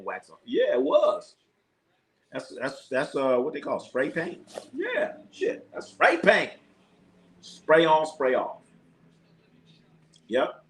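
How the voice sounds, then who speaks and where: A man hosting a casual live sports stream, ranting with lots of swearing and reading chat comments aloud. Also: mid-range voice. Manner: profane, animated ranting. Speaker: sports livestream host.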